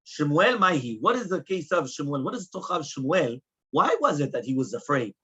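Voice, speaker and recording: A rabbi gives a Talmud class in a somewhat high, husky voice. He keeps the lesson going with rhetorical questions and moves between Hebrew and English. The recording sounds dull and muffled. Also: sing-song, fairly quick, pushed and bright. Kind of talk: Talmud lecture.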